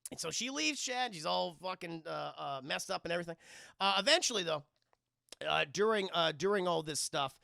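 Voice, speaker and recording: Excitable high-voiced man with gravelly edge. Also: a little fast, no echo, studio quality. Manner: excitable, rambling, swears a lot, restarts often. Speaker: streamer reviewing a film. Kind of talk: casual live-stream recap to chat.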